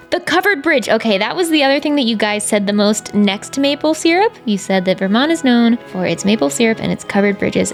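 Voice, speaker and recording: A young woman hosts a casual vlog, chatty and playful, and she gushes over animals. Her voice sits on the higher side. Soft music plays faintly behind her. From Pennsylvania. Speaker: channel host.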